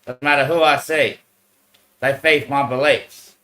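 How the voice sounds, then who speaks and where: A man's voice: medium pitch, steady tone, unhurried, sharp tone, rough recording. A man speaking to viewers into a handheld microphone in a disjointed, rambling monologue. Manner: disjointed, loosely connected talk.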